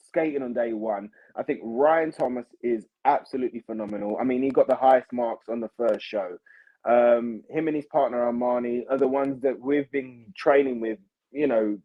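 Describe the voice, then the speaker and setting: A man's voice: medium pitch, narrow, tinny audio. A young man, chatting animatedly as a podcast guest and calling people mate and bro. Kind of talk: casual chat.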